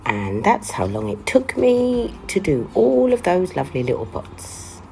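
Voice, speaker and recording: A woman's voice: fairly low pitch, wildly swooping pitch, a little slow, vocal fry, over music, poor audio. A woman potter narrating her own pottery vlog in a chatty, playful way, dropping jokey asides as she goes. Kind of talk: casual vlog voice-over narration. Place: Saint Lucia.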